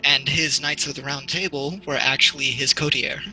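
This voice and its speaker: A man running a tabletop role-playing game as game master, narrating scenes haltingly in the second person. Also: mid-range voice, little pitch movement, bright, forceful tone, faint music behind, low-quality recording.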